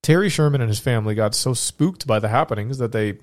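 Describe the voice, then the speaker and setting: A man's voice: mid-range voice, quick pace, no echo. A man who is sick, hosting a casual podcast and reading out research in a joking, rambling way that often breaks off mid-thought. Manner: joking, rambling, self-interrupting. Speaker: podcast host.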